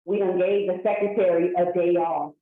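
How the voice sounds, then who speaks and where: A woman hosting a casual talk on hypnosis, explaining in a lively, slangy way and acting out little scenes. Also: fairly low pitch, moderate pace. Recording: echoey, tinny phone-like sound.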